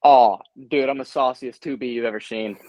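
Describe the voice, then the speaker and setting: A young man talking as an interview guest, energetic and slangy, full of hype. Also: mid-range voice, normal speed, no room sound. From United States. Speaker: guest, baseball prospect. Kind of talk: casual interview chat. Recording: dull, dry remote call audio.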